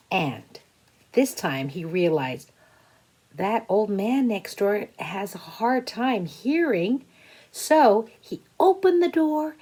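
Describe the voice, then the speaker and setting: A woman teacher tells a silly story to young children. Her speech is slow and deliberate, and her pitch rises and falls in a lively, expressive way. She invites the little listeners to join in.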